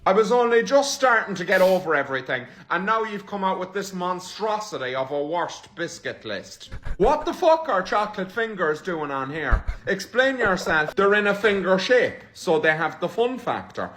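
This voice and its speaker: An Irish man ranting comically to camera, swearing, deadpan, dropping to low mutters between loud bursts. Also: normal speed, hardly any pauses. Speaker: comedian in played clips.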